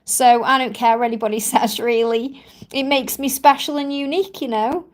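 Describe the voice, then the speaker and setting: High-voiced woman with Stoke accent. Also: fairly even intonation, moderate pace. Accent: Stoke-on-Trent English. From England. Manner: chatty, reassuring, many "you know" fillers. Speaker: spiritual reader. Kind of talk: live stream Q&A.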